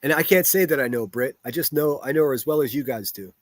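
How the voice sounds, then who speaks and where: A man in the middle of his pitch range, riffing in a combative, foul-mouthed livestream rant. He reads out viewer comments between jabs and sounds dry and close, with no room echo around him. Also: quick pace. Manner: profane, combative and blunt. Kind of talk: ranting livestream commentary, reading chat aloud.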